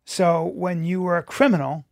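A man's voice: high-pitched, fairly even intonation, normal speed, no echo, clean studio sound. A man co-hosting a casual podcast, explaining things at length like a lecture. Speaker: podcast co-host. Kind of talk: casual chat.

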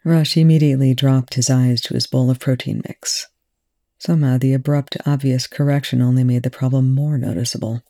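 A reader narrating a fan fiction chapter aloud in an even, unhurried way. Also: mid-range voice, no room sound, studio quality. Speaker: audiobook reader.

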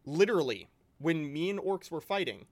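Casting note: man co-host, pitch a bit high, lively, dry close mic. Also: moderate pace, no room sound. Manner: brief agreeing interjections. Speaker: podcast co-host. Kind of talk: casual chat.

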